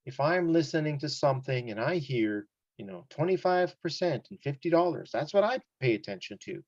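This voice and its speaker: A man's voice: fairly high pitch, expressive, fairly quick, a little mellow, no echo, highs cut off. Casual man teaching a test-prep lesson. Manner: casual, explains with examples, many "like" and "you know". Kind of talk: one-on-one online lesson.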